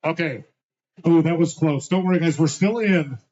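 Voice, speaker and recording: A man calling bingo at a live venue, cracking quick rhyming jokes and slowing down to spell out each number. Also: a little high, a little mellow, lo-fi sound. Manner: playful, punchy one-liners, slows to spell out each number. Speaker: bingo caller.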